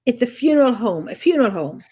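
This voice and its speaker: A woman's voice: fairly high pitch, very animated, fast talker, darkish tone, husky. A woman co-hosting a casual online chat, telling stories in a rambling, exclamatory way over a video call. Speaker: co-host. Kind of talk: casual chat on a live stream.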